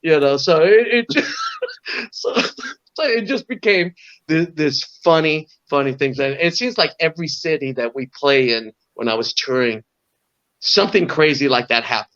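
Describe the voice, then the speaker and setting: A middle-aged man from Southern California, a guest musician telling lively stories in an interview, acting out voices and laughing often. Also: fairly high pitch, moderate pace. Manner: animated storyteller, acts out voices, laughs often. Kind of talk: storytelling in an interview. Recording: dull lo-fi audio.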